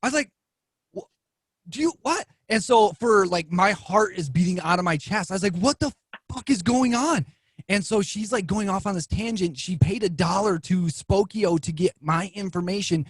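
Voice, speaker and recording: Guy with a husky voice, kinda high, telling a crazy story on a podcast, gets animated doing the quotes. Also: normal speed, dry recording. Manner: animated, acts out quoted lines with rising pitch. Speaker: podcast guest, TV weatherman. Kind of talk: casual storytelling.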